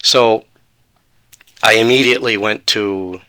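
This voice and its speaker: A man's voice: fairly low pitch, steady tone, takes it slowly, pushed and bright, smooth. A man in his forties, a podcast guest earnestly telling his own story and acting out the conversations he had. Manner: earnest, retells talks with quoted dialogue. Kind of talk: personal storytelling.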